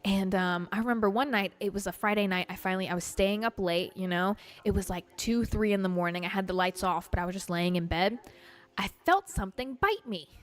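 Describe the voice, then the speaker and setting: A young woman hosting a casual livestream, telling stories in an animated, chatty way full of fillers and swearing. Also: medium pitch, a little fast. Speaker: livestream host.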